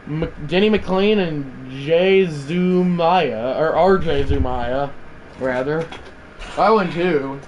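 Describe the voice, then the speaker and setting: A man with a somewhat high voice calls a baseball video game on a livestream in a casual play-by-play manner. He is chatty, keeps correcting himself, and tosses in side remarks. A faint background hiss sits under his voice. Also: slow, darkish tone, highs cut off.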